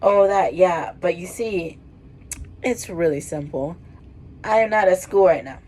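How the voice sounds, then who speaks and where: A woman's voice: on the low side, measured pace, warm tone. A young woman voicing a polite teenage boy held hostage, reading from her old story. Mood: calm.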